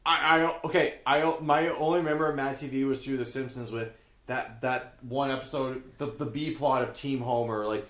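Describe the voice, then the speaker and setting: A man's voice: mid-range voice, steady tone, normal speed, a bit bright, roomy sound. A man co-hosting a casual comedy podcast, rambling through trivia and correcting himself as he goes. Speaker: podcast co-host.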